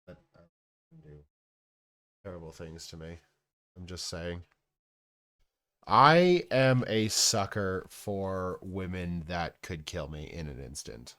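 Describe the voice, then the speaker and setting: A man chatting casually on a live stream, joking and rambling, with quiet mumbled asides between loud outbursts. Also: sits low, lively intonation, slow pace, long pauses.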